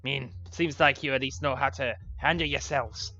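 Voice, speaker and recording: Man doing a captain, loud, gruff, bright tone, lo-fi audio, faint music. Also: fairly even intonation, normal speed, no room sound. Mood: gruff, blustery. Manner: booming, blustery. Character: loud gruff male dwarf guard captain.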